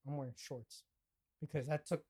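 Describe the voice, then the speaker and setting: A man's voice: medium pitch, fairly even intonation, moderate pace, warm tone, husky. A young man co-hosting a podcast, telling a story casually, acting out the quoted lines, laughing and swearing as he goes. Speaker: podcast co-host.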